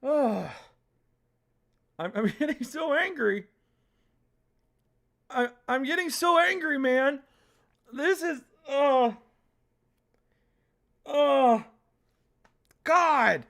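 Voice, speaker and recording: A woman streams herself playing a visual novel, reading its text in a flat voice and ranting in exasperation about the grammar, swearing often. Her voice is high and gravelly, and she speaks very slowly with frequent pauses.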